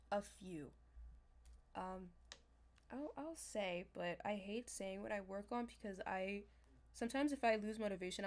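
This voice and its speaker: A young woman chatting casually on a livestream as a manifestation coach, talking straight to her viewers in a loose, animated way. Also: mid-range voice. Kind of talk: casual livestream talk to chat.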